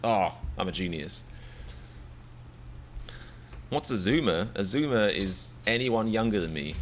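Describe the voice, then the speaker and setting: English guy, 30s, rambling live stream chat, lowish voice, self-mocking, bit of a grumble. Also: expressive, a little slow, slight background noise. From England. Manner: rambling, self-deprecating, mock-exasperated.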